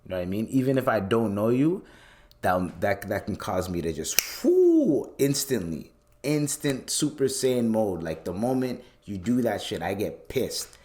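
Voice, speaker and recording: A man in his late twenties hosting a podcast, telling a story as a casual, profane rant. His voice leaps up high whenever he gets worked up. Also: lively intonation, normal speed, darkish tone. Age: late 20s. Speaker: podcast host.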